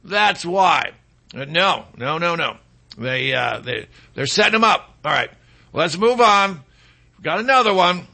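Sarcastic high gravelly male talk host. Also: lively intonation, a little slow, sharp tone. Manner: sarcastic, rambling, mocking asides. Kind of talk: opinionated talk monologue.

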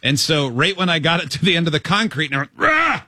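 A man's voice: a little high, very fast, dry recording, clean studio sound. A man hosting a radio show, telling a childhood story in a casual, comedic way and acting out the voices. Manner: animated storyteller, acts out voices with yelps.

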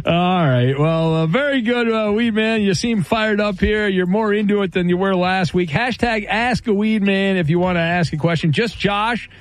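A man hosting a radio talk show, brisk and wisecracking as he reads out listener questions. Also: high voice, no room sound.

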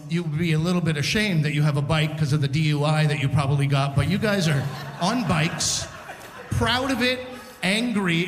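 A man's voice: high-pitched, roomy sound, in a large hall. A man hosting a live comedy show, telling a story to the audience and acting out the people in it. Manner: animated, acts out quotes in character voices. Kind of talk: stand-up storytelling on stage. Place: large community center hall, live audience.

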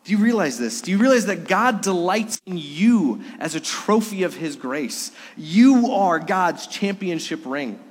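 A man's voice: high voice, big pitch swings, measured pace, hardly any pauses, husky. Earnest preaching man in a reverberant church. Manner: earnest preaching, swells loud then drops soft. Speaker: pastor. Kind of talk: sermon. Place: church sanctuary. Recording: long reverb of a church hall.

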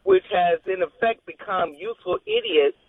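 A woman calling in to a radio show, rambling and halting as she searches for words. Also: on the low side, wildly swooping pitch. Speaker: caller. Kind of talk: call-in talk. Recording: tinny phone line.

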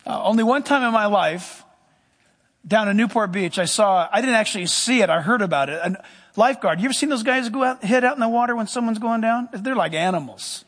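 A male pastor preaching a sermon, telling stories with emphatic swings between loud and hushed delivery. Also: expressive, brisk. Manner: emphatic storytelling, pitch swings high and low. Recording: long hall reverb.

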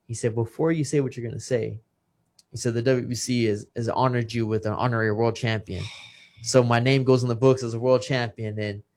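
A man's voice: mid-range voice, fairly even intonation, brisk, a little mellow. Emotional man telling a personal story. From Texas. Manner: emotional storytelling, acting out quoted dialogue. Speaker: guest, retired boxer. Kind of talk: casual chat.

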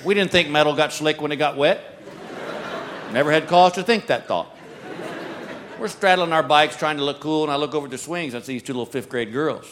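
Middle-aged guy doing standup, high voice, goofy stories about himself. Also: moderate pace, long pauses. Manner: folksy self-mocking storytelling. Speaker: stand-up comedian. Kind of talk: stand-up comedy. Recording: live show with audible audience noise.

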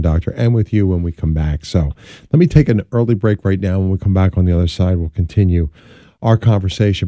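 Deep mellow male radio host. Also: no echo. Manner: reactive, brief affirmations, smooth break patter. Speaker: radio talk show host. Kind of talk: radio interview hosting.

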